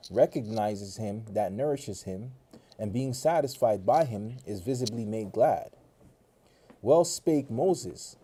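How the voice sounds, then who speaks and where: A man reading a scripture passage aloud in a measured, solemn way. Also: mid-range voice, mellow. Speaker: scripture reader.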